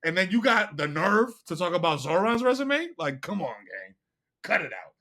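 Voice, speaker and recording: Lively slangy New man telling stories. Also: high voice, normal speed. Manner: animated storytelling, slangy, swears often, puts on voices of others. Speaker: podcast guest. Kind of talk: casual chat.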